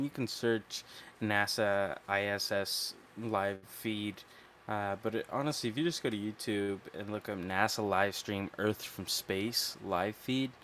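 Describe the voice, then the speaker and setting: A man co-hosting a podcast in relaxed casual chat, hesitant, with many fillers. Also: lowish voice, measured pace, a little hiss or hum. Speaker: podcast co-host.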